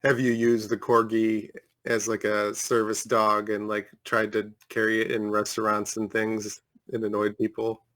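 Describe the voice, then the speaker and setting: A man's voice: fairly low pitch, unhurried, dry recording. Laid-back man hosting a comedy podcast. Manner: relaxed, joking, chuckles often. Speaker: podcast host. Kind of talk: casual chat on a video call.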